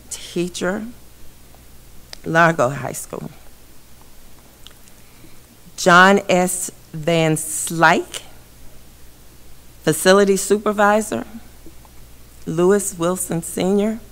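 A woman chairing a school board meeting, reading a memorial list slowly and solemnly, becoming emotional. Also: lowish voice, clean tone. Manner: slow, solemn reading of names. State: emotional, voice breaking. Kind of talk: formal meeting proceedings.

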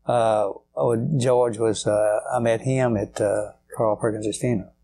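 A man's voice: fairly low pitch, fairly even intonation, unhurried, creaky, warm tone, slight background noise. An older man, telling rambling, folksy stories as a guest in an interview. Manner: rambling, folksy, many fillers. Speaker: guitarist guest. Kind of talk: storytelling interview.

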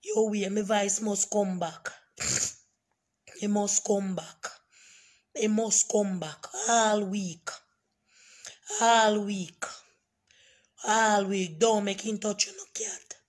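A hoarse woman, scolding and repeating herself emphatically in a ranting vlog. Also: mid-range voice, steady tone, slow, pauses often. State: hoarse, voice nearly gone. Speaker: online commentator.

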